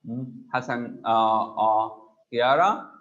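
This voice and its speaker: A man's voice: medium pitch, slow pace, a bit bright, muffled recording. A man teaching a grammar class online, patiently prompting students by name for answers.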